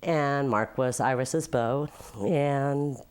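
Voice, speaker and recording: An older woman speaking in a notably low voice, reminiscing in a documentary interview. She tells her stories with laughter breaking in, unhurried and personal. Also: clean tone. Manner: warm storytelling with frequent laughs. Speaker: former nightclub owner.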